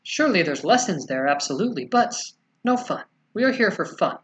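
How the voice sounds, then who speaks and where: A man's voice: high voice, big pitch swings, fairly bright tone, lo-fi sound. Soothing man channeling a spiritual message. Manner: slow, soothing, rhetorical questions ending in "yes?".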